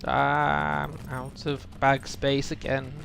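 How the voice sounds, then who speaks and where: A man's voice: medium pitch, completely flat delivery, slow, gravelly, a bit bright, faint music behind. A man streaming a game, chatting casually and rambling about lore with lots of fillers. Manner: musing, rambling lore talk with many fillers. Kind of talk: casual live-stream chat.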